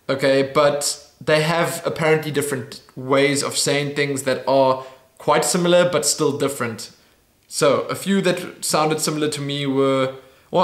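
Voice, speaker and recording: A man's voice: medium pitch, fairly bright tone. A man hosting a casual Q&A vlog in a playful, self-deprecating way, chuckling as he fumbles through foreign phrases. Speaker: YouTube channel host. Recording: roomy echo.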